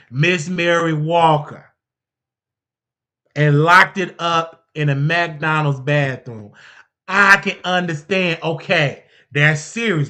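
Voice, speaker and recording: On a live stream, a commentary host speaks emphatically and repeats himself, with big swings in pitch and loudness.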